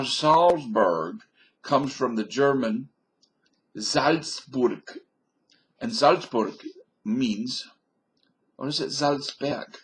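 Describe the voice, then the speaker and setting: A man's voice: medium pitch, a bit bright, breathy edge. A man from British Columbia giving a folksy, digressive comic monologue into a webcam, with mock-learned asides. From British Columbia, Canada.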